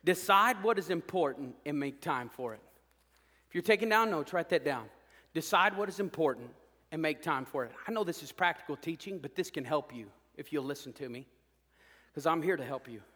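A man preaches a sermon in a folksy, joking way, pushing his points with emphatic, rising peaks. His voice sits high and sounds bright and forceful. The sound carries a long reverb from a big hall. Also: animated, brisk, husky. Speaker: pastor.

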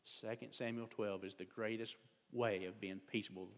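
A man's voice: on the low side, fairly even intonation, moderate pace. A man preaching a folksy, conversational sermon as a lay speaker, drifting into digressions and self-deprecating humor. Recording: long hall reverb.

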